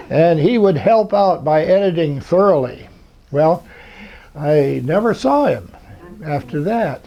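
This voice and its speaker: Older man, high voice, dry humor. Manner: dry humor, rambling with fillers. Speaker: convention speaker. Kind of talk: anecdotal talk to an audience. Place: lecture hall. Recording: muffled lo-fi recording.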